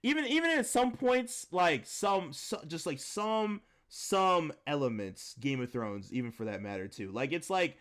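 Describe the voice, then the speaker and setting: A young man talks through a film with a co-host in loose, slangy bursts, leaning on "like" and restarting his sentences as he gets excited. His voice sits high and swings widely in pitch. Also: unhurried, few pauses. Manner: rambling, heavy use of "like", slangy, excitable. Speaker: podcast co-host reviewing a film. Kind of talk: casual chat.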